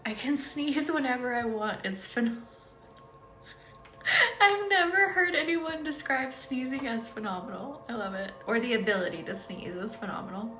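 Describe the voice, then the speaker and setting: A woman whose slightly high voice is animated and sharp-toned, at a moderate pace, hosts a laid-back live energy-healing stream in a roomy space with slight background noise. Though sleepy and tired, she chats, reads comments and giggles easily.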